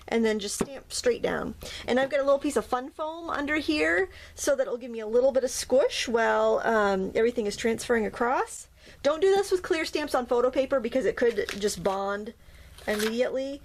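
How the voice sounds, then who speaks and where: Chatty woman demonstrating crafts, slightly high. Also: fairly quick. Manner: chatty, gentle, gushes over the results. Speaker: craft tutorial host. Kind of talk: casual step-by-step demonstration.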